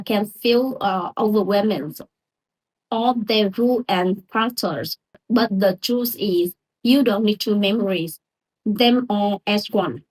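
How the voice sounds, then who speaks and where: Slow, careful non-native woman teaching. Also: mid-range voice, low-quality recording. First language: not English. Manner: slow and careful, repeats words and says "okay?" often. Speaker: English learner teaching word stress. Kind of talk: casual lesson.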